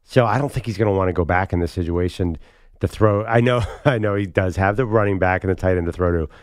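A man co-hosting a sports talk show with wry, skeptical banter. His voice is low, and the sound is dry and close. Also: fast, clear, resonant tone, dry recording. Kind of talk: casual sports debate.

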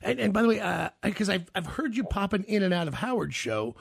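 A gravelly, husky man chatting as a talk show host, his voice rising and falling a lot. He stumbles over repeated words, and the sound is dry and close. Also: high-pitched, very animated, a little fast, no room sound. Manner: agreeable, stammering, repeats himself. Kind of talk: casual chat.

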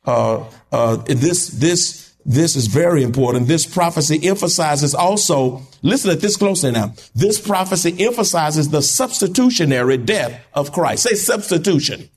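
A man preaching a sermon in a church, calling out to the congregation and building to fervent shouts. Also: fairly high pitch, lively intonation, normal speed, hardly any pauses, breathy edge. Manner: call-and-response preaching, rising to shouts. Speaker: pastor.

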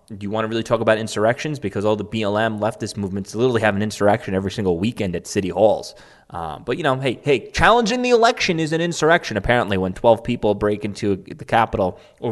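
Sarcastic man in rambling commentary. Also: lowish voice. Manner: sarcastic and mocking, sometimes laughing; loose and rambling, with many "um" and "like". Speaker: political commentator. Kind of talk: casual commentary reading out online posts.

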